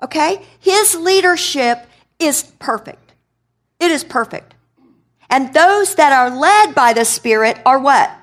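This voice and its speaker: A woman preacher giving a sermon in a conversational, animated way, asking the congregation questions. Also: high voice, takes it slowly. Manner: conversational, animated, quizzes the audience.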